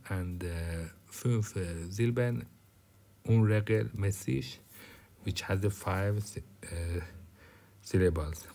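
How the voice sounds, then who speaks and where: Slow, halting man teaching German. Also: fairly low pitch, vocal fry, mellow. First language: Persian. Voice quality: drops to a whisper at times. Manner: halting, many fillers and restarts, switching between German and English. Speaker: language teacher. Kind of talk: recorded German lecture.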